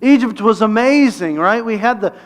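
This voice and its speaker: A man's voice: high-pitched, lively intonation, normal speed, pitched above the performer's own voice. A man voicing a grumbling desert wanderer who whines and complains in exasperation. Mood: whiny. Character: whiny grumbling desert wanderer, male, fed up.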